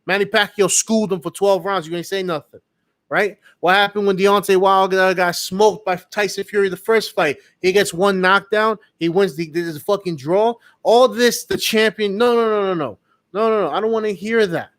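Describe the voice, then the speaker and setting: Casual co-host, a man with a high voice, venting angrily and repeating himself. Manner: heated, profane ranting with repetitions. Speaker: co-host of a live fight reaction show. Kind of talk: casual live reaction chat.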